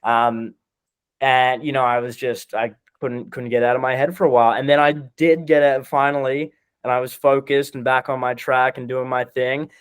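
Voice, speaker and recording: In a casual podcast conversation, a twenty-something guest receiving coaching talks haltingly about something he's struggling with, often starting over. He speaks at normal speed in a level, mid-range voice that is clear and resonant, with no room sound.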